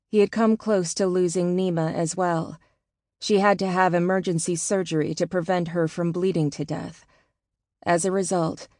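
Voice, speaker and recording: A woman audiobook narrator reading in a calm, measured scripted narration. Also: on the low side, no room sound, studio quality.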